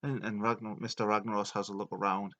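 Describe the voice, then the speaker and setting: A man retelling video game lore as a comedy, rambling and deadpan with many fillers. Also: lowish voice, fast talker.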